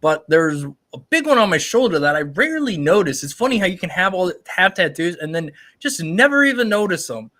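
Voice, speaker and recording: A man's voice: sits high, very animated, fairly quick, few pauses, bright, forceful tone. A man in his thirties, a tattoo artist hosting a live stream, chatting casually and rambling as he talks straight to his viewers. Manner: rambling and upbeat, addresses viewers directly.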